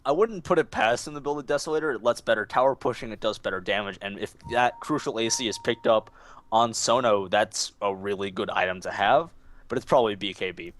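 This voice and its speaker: A man's voice: on the low side, a little fast, fairly bright tone. A man doing color commentary on an esports match, explaining strategy in long, reasoned runs.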